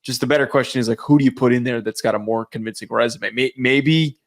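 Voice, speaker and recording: A young American man co-hosting a casual sports podcast, loud, excitable and joking. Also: mid-range voice, quick pace. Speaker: podcast co-host.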